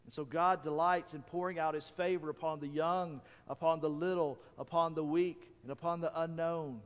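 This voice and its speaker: A man preaching a sermon as a pastor, telling Bible stories with emphatic rises and hushed drops. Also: fairly high pitch, fairly even intonation, moderate pace, in a large hall.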